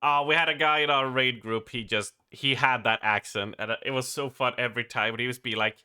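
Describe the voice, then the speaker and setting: A man's voice: mid-range voice, expressive, fairly quick, few pauses, bright, forceful tone, smooth. A man from Sweden with a Swedish accent, chatting casually on a live gaming stream, laughing often, swearing and restarting his sentences.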